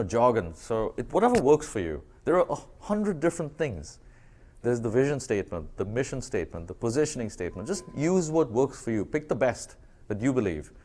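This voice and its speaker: A man speaking to a live audience in a relaxed, conversational way. He tells his work stories with animation and slips into quoted dialogue as he goes. His voice sits at an ordinary middle pitch. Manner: animated storytelling, acts out dialogue. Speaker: speaker presenting branding work.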